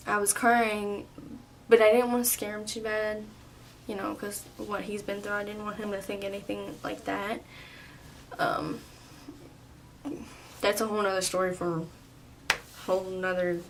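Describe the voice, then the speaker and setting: A young woman vlogger telling a personal story in a casual, chatty way, full of "like" and quick laughs. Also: medium pitch. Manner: chatty, lots of "like", laughs often. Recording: slightly distant, faint room noise.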